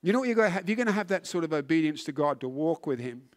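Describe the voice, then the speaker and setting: A man preaching a sermon, earnest and emphatic, often restarting words and swinging from loud to hushed. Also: fairly high pitch, animated, rapid-fire. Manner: frequent word restarts.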